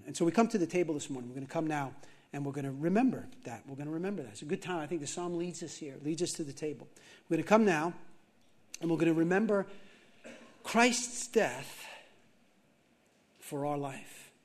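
A male pastor preaching a sermon, moving between loud emphatic scripture reading and quiet, slow reflection, often repeating key phrases. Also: on the high side.

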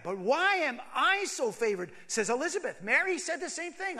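Male pastor, high bright voice, animated sermon, repeats for emphasis, swings hushed to loud. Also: normal speed, hardly any pauses.

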